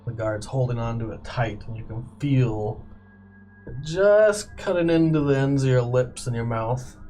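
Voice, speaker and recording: A man serving as game master in a tabletop game, narrating violent scenes in slow, graphic detail. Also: mid-range voice, expressive, warm tone, soft background music.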